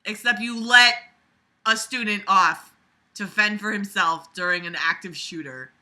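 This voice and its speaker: A woman's voice: mid-range voice, measured pace, bright, forceful tone. A woman reading a story aloud and mocking it with sarcastic, profane commentary. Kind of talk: comedic dramatic reading with commentary.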